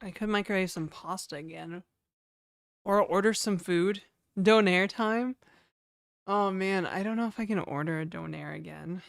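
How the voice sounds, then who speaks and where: A woman's voice: medium pitch, moderate pace, creaky, no echo, clean studio sound. A woman from New Brunswick, chatting casually and rambling on a livestream, joking and laughing often. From New Brunswick, Canada.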